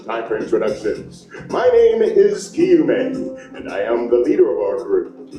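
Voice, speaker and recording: A man performing a cheerful, proud troupe leader who rallies the crowd in a slow, very lively, slightly high voice. He is heard through loudspeakers on an outdoor stage, with an echoey sound and music behind. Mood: upbeat. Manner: theatrical, leads audience call-outs. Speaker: troupe leader at a theme park show.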